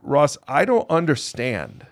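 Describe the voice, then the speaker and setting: A man's voice: medium pitch, very animated, slow pace, dry recording. A man, a pastor and co-host, talking in a casual discussion and reading scripture aloud, incredulous and emphatic, repeating his phrases.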